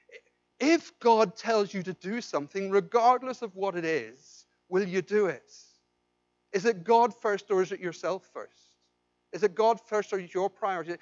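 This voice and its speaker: This man's high-pitched voice comes through with no echo and the highs cut off as he preaches as pastor. Pleading with the congregation and asking them questions, he repeats and restarts phrases, impassioned and shifting from loud pleas to quiet intensity.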